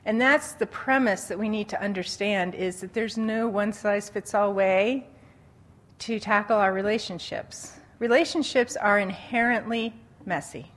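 A woman giving a conversational Christian teaching talk on dating, telling stories with animated quoted voices and frequent laughter. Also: mid-range voice, normal speed. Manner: animated storytelling, acting out quotes, laughs often.

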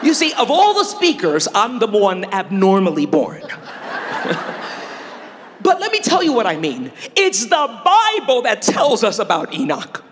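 Animated woman preaching in a large hall. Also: a little high, unhurried, slight background noise. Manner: animated, laughing, playful asides. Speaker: speaker. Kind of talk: sermon. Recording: long hall reverb.

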